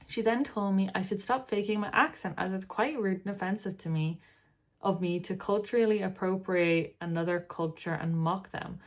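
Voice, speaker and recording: A woman's voice: medium pitch, moderate pace. A tired woman in her twenties with an Irish accent, chatting casually and reading posts aloud for a reaction vlog, rambling with wry asides. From Ireland. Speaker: vlogger.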